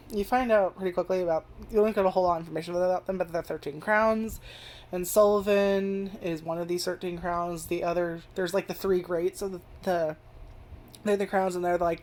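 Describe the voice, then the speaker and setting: A woman's voice: on the low side, darkish tone. A young woman casually reviewing an anime, rambling and swearing, with lots of "like" fillers. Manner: rambling and profane, heavy use of filler "like".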